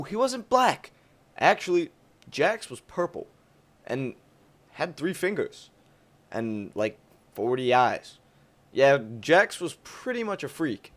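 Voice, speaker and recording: A young adult man narrating a crude comic story in a lively, profane, rambling way. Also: mid-range voice.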